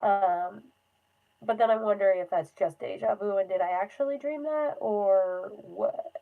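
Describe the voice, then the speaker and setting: A woman's voice: medium pitch, measured pace, creaky, phone-quality sound. A young woman chatting casually on a phone livestream, rambling with lots of fillers and frequent laughs. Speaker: livestream host.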